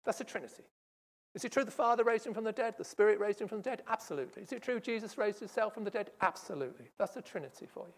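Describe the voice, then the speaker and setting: A preacher delivering a sermon, stressing points loudly and then dropping to hushed asides. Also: mid-range voice, racing. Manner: emphatic, swings from loud stresses to hushed asides. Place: church service.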